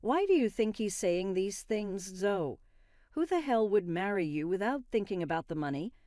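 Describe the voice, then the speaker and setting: A woman's voice: medium pitch, animated, moderate pace, dark tone, no room sound, clean studio sound, lightly acted. A woman voicing a scheming, greedy middle-aged mother-in-law with a harsh, contemptuous manner.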